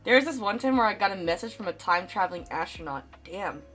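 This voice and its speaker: A woman streamer chats casually over her game, cracking crude jokes and laughing often. Her voice sits at a middle pitch. Faint game music plays underneath. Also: expressive, fast talker, a bit bright. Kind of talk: let's play commentary.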